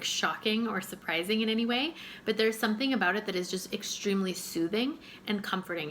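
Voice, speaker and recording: A woman chats to camera, gushing and full of fillers. Her voice sits at a middle pitch and sounds bright and forward. A faint hiss runs under the recording. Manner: gushing, chatty, many fillers. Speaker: fragrance reviewer. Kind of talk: casual chat to camera.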